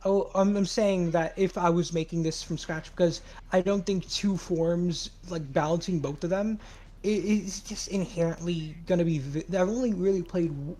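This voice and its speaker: A man's voice: sits high, normal speed, dark tone. A man in a casual stream discussion, rambling and argumentative, restarting his sentences as he makes his point. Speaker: co-host in a game modding discussion.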